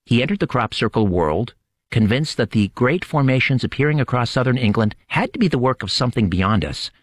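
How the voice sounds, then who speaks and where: A man hosting a late-night radio show, opening with dramatic, measured storytelling narration. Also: medium pitch, expressive, no room sound.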